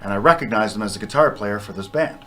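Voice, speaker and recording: A man's voice: on the low side, fast, pushed and bright. Chatty man telling band stories. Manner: chatty, self-deprecating, laughs often. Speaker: band member guest. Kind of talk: casual radio interview storytelling.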